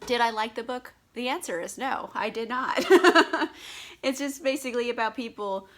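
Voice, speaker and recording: A woman's voice: a little high, moderate pace, a bit bright. A woman casually reviewing a book while tipsy on wine, chatty and giggly with lots of fillers and swearing, recorded on a camera set on a tripod. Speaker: book vlogger.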